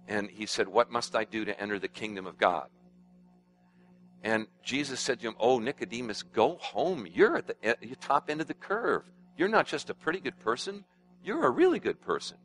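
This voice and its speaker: A man preaching a sermon, animated and swinging between hushed and emphatic passages while he quizzes the congregation. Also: on the low side, poor audio. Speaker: pastor.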